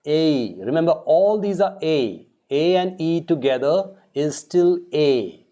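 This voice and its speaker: Guy teaching english sounds, super slow, voice jumps up and down a lot, repeats every word. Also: a little high, expressive, dark tone. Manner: slow, drawn-out, repeating words for practice. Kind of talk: pronunciation lesson.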